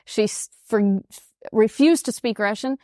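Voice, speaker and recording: Lively East Texas woman giving a talk. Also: a little high, unhurried, dry recording, studio quality. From United States. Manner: lively storyteller who acts out quoted voices. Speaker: speaker at an international school. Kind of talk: presentation talk to an audience.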